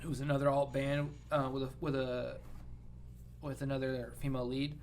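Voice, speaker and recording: A man's voice: mid-range voice, flat delivery, normal speed, a little mellow, a little hiss or hum. A man co-hosting a podcast, telling rambling, profane stories with enthusiasm in casual chat. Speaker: podcast co-host.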